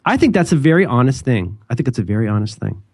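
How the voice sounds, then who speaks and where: Fast-talking rambling male podcast co-host. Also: mid-range voice, big pitch swings, a little mellow, no echo, studio quality. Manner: rambling, jokey, self-interrupting. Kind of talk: casual chat.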